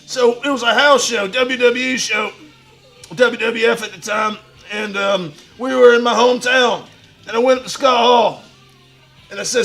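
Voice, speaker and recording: A man with a strikingly high, gravelly voice holds forth like a wrestling promo on his own livestream. He is boastful and foul-mouthed, and he breaks into shouts. His tone is bright and forceful. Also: fairly even intonation, moderate pace, soft background music. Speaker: livestream host in a wrestler persona. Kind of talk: brash wrestling promo talk.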